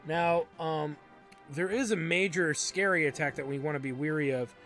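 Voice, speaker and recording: A man's voice: on the high side, normal speed, fairly bright tone, faint music behind. A man hosting a let's play, giving casual gameplay commentary with crude jokes and many ums.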